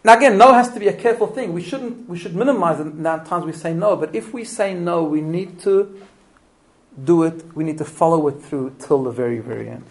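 On a rough recording, a middle-aged man who emigrated to Australia delivers a live parenting talk. His voice is on the high side and a little fast, and he tells animated stories with restarts while posing rhetorical questions to the room.

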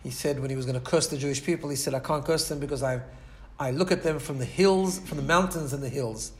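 A man's voice: mid-range voice, fast. Earnest man telling a sermon story. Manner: earnest, repeats words while telling a story. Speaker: Torah teacher.

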